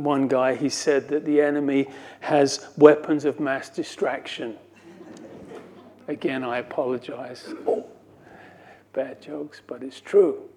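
A man preaching a sermon as pastor, earnest, with dry self-mocking asides. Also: on the high side.

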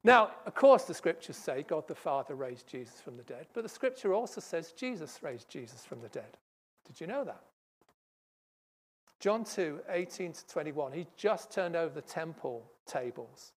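A preacher delivering a sermon, stressing points loudly and then dropping to hushed asides. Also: mid-range voice, sing-song, normal speed. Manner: emphatic, swings from loud stresses to hushed asides. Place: church service.

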